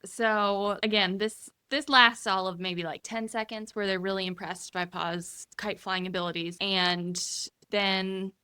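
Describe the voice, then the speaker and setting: A woman's voice: medium pitch, steady tone, a little slow, few pauses, bright, forceful tone, clear, resonant tone, no room sound. A woman co-hosting a podcast, recapping an episode in casual chat with matter-of-fact, dry asides. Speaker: podcast co-host.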